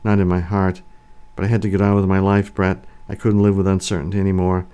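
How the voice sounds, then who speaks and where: A frightened young woman grieving her lost love, read by a man. The voice stays deep and mellow, with only slight lifts. She speaks in a pleading, emotional way. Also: level tone, fast talker, smooth, natural voice.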